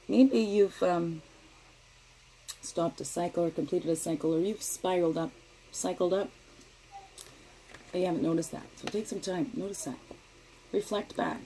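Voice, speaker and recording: A middle-aged woman giving a casual daily spiritual card reading, talking in a gentle, meandering way and often asking "right?". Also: low-pitched, a little hiss or hum, poor audio.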